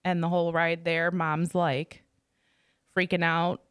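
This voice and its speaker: A woman's voice: on the low side, level tone, fairly bright tone, clear, resonant tone, dry recording, studio quality. Young woman recounting a night, chatty. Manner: quick, chatty, fillers like "like". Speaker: guest, host's sister. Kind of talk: casual storytelling.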